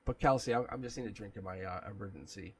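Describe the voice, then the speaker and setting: A man's voice: fairly low pitch, fast, noisy background. A man hosting a live tarot reading, talking in a rambling, casual way, chuckling often and swearing now and then. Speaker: tarot reader, livestream host.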